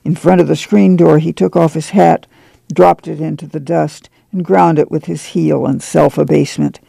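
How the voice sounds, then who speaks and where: Gravelly male novel reader. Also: a little high, normal speed, no room sound. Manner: steady, plain storytelling with folksy dialogue. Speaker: volunteer reader. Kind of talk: reading a novel aloud on radio.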